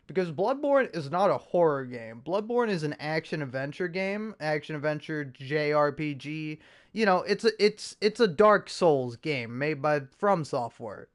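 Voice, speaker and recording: Profane rambling young man, smooth voice. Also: a little high. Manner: rambling, profane, self-mocking storytelling with frequent restarts. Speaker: podcast host. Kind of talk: casual chat.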